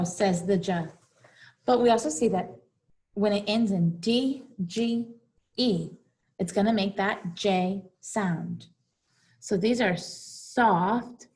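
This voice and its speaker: Slow, patient female phonics teacher, mid pitch, repeats each word for young kids. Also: a little mellow. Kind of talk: phonics lesson for young children.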